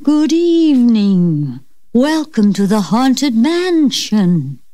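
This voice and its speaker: A woman voicing a polite, eerie ghost host on a children's storybook record, greeting slowly and courteously. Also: a little high, big pitch swings, dark tone, no room sound, voice pushed up, full character voice. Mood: eerie welcome.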